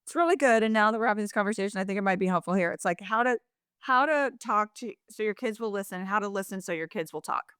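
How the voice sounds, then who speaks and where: A woman co-hosts a podcast in an easy, talkative chat, often restarting her sentences. She slips into quoted phrases as if acting them out. Her voice sits in a middle pitch, and the sound is dry with no room echo. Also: fast, clear, resonant tone. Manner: animated, acts out quoted phrases in shifting voices; talkative, frequent restarts and asides. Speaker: podcast co-host. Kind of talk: casual chat.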